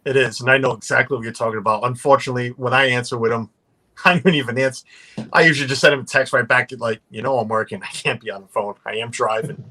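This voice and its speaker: Bright-voiced man hosting a video chat stream. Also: mid-range voice, steady tone, fast talker. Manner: joking, rambling, laughs often. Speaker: livestream host. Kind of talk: casual chat.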